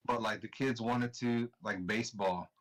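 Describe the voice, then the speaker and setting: A young man co-hosting a podcast in relaxed, slangy chat, laughing often and swearing freely. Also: fairly low pitch, moderate pace, rough recording. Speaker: podcast co-host. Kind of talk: casual chat.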